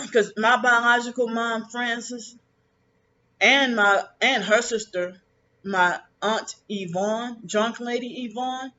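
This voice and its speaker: Man, high and bright, halting bitter vlog rant, lo-fi dull audio with light hiss. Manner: rambling, halting, many restarts; bitter and resentful about family. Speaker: vlogger. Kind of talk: casual personal monologue. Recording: dull lo-fi with faint background noise.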